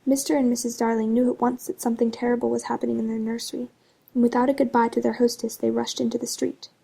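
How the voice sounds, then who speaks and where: A woman narrating a classic children's storybook in a soft, hushed voice that drifts into whispers. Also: on the high side, flat delivery, fast talker, creaky, breathy edge. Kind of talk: soft-spoken storybook reading.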